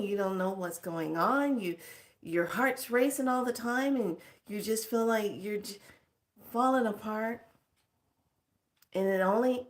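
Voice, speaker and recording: Frank, expressive middle-aged woman. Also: mid-range voice. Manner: frank and expressive, laughs often. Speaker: spiritual teacher. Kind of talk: casual spiritual pep talk.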